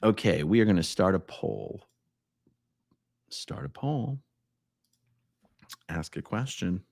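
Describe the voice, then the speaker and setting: A man's voice: deep voice, animated, slow pace, gravelly, darkish tone, no room sound, studio quality. A man hosting a casual live stream, rambling and self-correcting as he reads viewer comments, often laughing.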